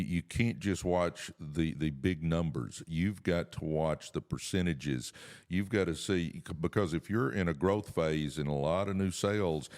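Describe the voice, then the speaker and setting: A middle-aged man hosts a casual business podcast. His voice sits very low and deep, and he talks in a folksy, earnest, pep-talk way. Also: a little mellow. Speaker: podcast co-host.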